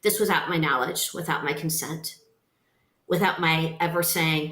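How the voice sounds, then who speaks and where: Pausing often and keeping a measured pace, a woman with a mid-range, slightly bright voice tells her own story as a podcast guest. She's a nonprofit founder, and her earnest, emphatic testimony is captured with a roomy echo.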